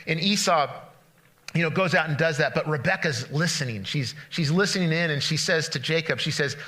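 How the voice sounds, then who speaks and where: A man's voice: a little high, normal speed, sharp tone. A male pastor giving a conversational sermon, retelling a story animatedly with frequent restarts.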